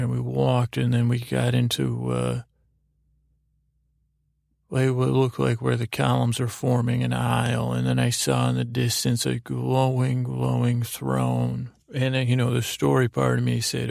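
A man's voice: mid-range voice, monotone, unhurried, gravelly, darkish tone, dry recording. A man hosting a sleep story, telling a dream in a meandering way with many fillers and restarts, close to the mic. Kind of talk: rambling bedtime storytelling.

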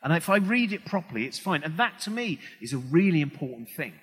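A man's voice: on the high side, big pitch swings, fast, slightly rough, big-room sound. A male English comedian talking to a live audience on stage, rambling and self-deprecating with many restarts. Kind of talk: stand-up style talk to a live audience.

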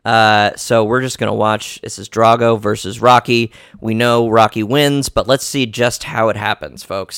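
A podcast host giving live, jokey reaction commentary while watching a film, often exclaiming and gasping. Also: male voice, fairly low pitch, fairly bright tone, clear, resonant tone, no echo, studio quality. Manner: jokey asides.

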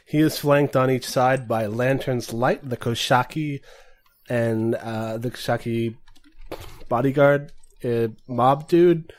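A man's voice: mid-range voice, a little mellow. A man acting as game master, describing characters in an easygoing, rambling way with many fillers. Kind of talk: narrating a tabletop game.

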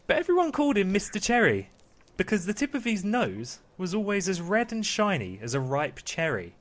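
A man playfully reading a bedtime story aloud as a podcast host. He slips into a mock-fatherly tone and giggles often. His pitch moves in a lively way. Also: normal speed.

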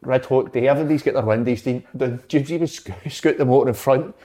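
This Scottish ex-footballer talks fast with few pauses, casually rambling through stories from his playing career and swearing occasionally. His mid-range voice has a mellow quality.

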